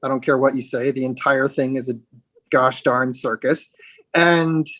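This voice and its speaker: Man, interview guest, mid-pitched voice, dry close sound, halting reflective talk with restarts. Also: steady tone, a bit bright, no room sound. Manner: halting, many restarts and fillers. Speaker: guest, actor with dwarfism.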